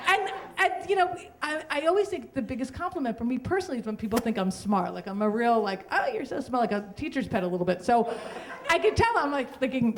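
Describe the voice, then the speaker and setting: A middle-aged woman telling a personal story on stage at a live story slam, chatty and self-deprecating, laughing through her lines. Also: sits high.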